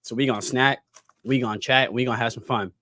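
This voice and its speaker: A man's voice: medium pitch, fairly even intonation, fast, bright, forceful tone, no room sound, studio quality. A man hosting a casual livestream podcast from home, talking loosely in slang and reading chat comments aloud. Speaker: podcast host.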